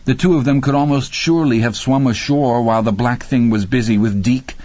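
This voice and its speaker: A man narrating a horror audiobook in a measured, grim, deliberate way. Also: mid-range voice, fairly even intonation, darkish tone, dry recording. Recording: dry, slightly muffled studio read.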